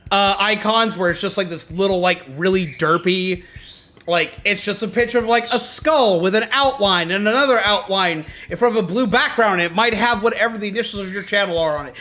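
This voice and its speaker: A streamer man with a high, bright voice rants heatedly at his chat. He swears freely and keeps repeating himself and restarting his sentences. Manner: heated, profane, emphatic; self-interrupting, repeats himself. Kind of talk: casual ranting to stream chat.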